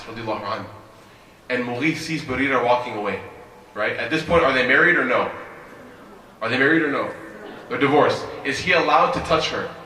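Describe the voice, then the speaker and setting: A man giving an animated storytelling religious lecture, often checking in with the audience with a quick question. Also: medium pitch, a little hiss or hum. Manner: animated, keeps asking the audience "right?". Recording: echoey hall, voice from far off.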